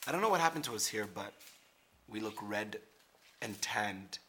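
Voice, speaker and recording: Bright-voiced man, rambling chat. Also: on the low side, normal speed. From Canada. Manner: rambling, repeats words, relaxed. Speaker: host. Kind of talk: casual vlog showing travel photos.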